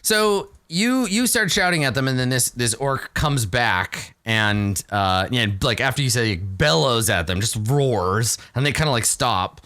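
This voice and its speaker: A man running a tabletop game as game master, animated and jokey with many fillers. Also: mid-range voice, measured pace, hardly any pauses, no room sound.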